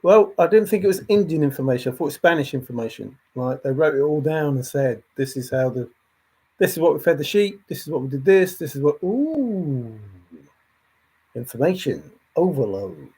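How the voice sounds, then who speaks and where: A man's voice: a little high, very animated, moderate pace, warm tone, breathy edge. A man hosting a livestream, thinking aloud in a rambling way and answering chat comments as they come in. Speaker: livestream host.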